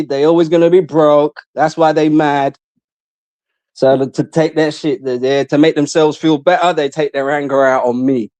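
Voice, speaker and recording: High-voiced taunting man. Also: a little mellow, no echo. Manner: taunting, trash-talking, boastful; repeats himself, mocking. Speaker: live stream guest. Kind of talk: casual stream chat.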